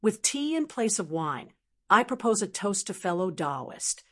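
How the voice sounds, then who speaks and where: A calm young male cultivator from a fantasy audiobook speaks softly and gently, as a woman narrator puts him on. His tone stays composed and unhurried, sitting at an ordinary middle pitch. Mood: gentle. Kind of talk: audiobook character voice.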